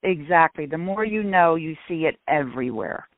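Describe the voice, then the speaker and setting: A middle-aged woman talks earnestly on the radio, slowing down to stress her points and restarting as she thinks. Her voice comes through a thin, phone-like band with no room echo. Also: sits low, expressive. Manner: earnest, with restarts and slow emphasis. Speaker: guest speaker on shame and guilt. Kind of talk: casual radio talk. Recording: tinny phone-like radio sound.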